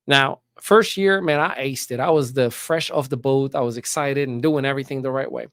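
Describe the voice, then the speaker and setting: A man from Morocco tells stories in a lively podcast chat, at a middle pitch. He keeps things animated and often acts out other people's voices. The sound is close and dry. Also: normal speed, few pauses, dry recording. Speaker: guest. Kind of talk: casual storytelling.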